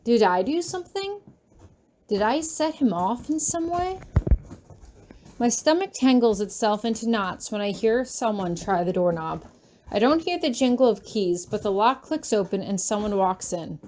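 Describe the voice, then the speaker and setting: A woman narrates a story in the first person, her fairly high voice soft and a little shaky. She reads with anxious, hushed care. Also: expressive, moderate pace, a little hiss or hum. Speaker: fan fiction reader.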